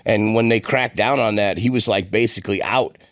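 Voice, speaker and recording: A man co-hosting a roofing podcast, telling a long story in a quick, rambling way full of fillers. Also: lowish voice, fairly even intonation, no room sound, studio quality. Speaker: podcast co-host. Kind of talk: casual podcast chat.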